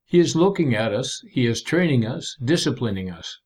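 A man preaching a sermon in an earnest, measured way, with emphatic asides to the congregation. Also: medium pitch, very animated, a little mellow, breathy edge.

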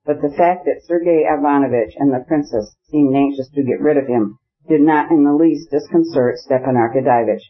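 A man giving a steady scripted narration of an audiobook. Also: mid-range voice. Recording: dull lo-fi recording.

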